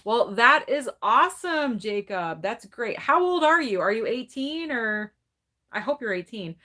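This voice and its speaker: A woman's voice: a little high, big pitch swings, a little slow, pushed and bright. Chatty woman host laughing as she talks. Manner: chatty and candid, laughs often. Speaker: host of a movie club livestream. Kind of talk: casual livestream chat, reading viewer comments.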